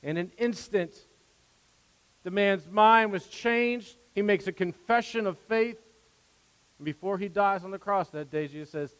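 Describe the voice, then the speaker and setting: An unhurried pastor preaches in a church sanctuary, his high voice smooth and fairly bright. The sermon feels earnest and conversational, marked by rising emphasis and asides, and a long hall reverb hangs over the recording.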